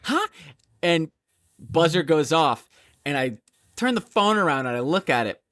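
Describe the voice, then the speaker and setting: A man co-hosting a podcast in casual chat, telling a story in an animated, profane way. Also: a little high, moderate pace, no echo, studio quality. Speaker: podcast co-host.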